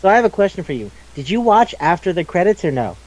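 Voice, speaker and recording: A young adult man hosts a podcast in a high, sing-song voice with a darkish tone, talking quickly. His casual chat is animated, with frequent laughter and free swearing, and the audio is poor.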